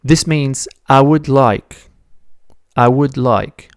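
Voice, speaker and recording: A man's voice: medium pitch, slow pace, clear, resonant tone, dry recording, clean studio sound. A man teaching a beginner language lesson, patiently explaining step by step and correcting his own slips. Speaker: Italian teacher.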